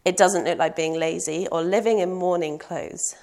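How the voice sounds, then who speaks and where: A woman's voice: lowish voice, steady tone, normal speed, vocal fry, a little mellow. Earnest woman preaching a sermon. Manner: earnest, personal and searching, with rhetorical questions.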